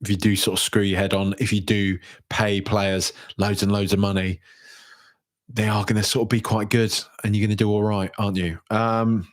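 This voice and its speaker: Young male podcast host, casual and rambling, slightly low voice, reads viewer comments aloud. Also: level tone, normal speed. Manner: chatty, rambling, frequent fillers and restarts. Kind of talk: casual solo podcast, reading viewer messages.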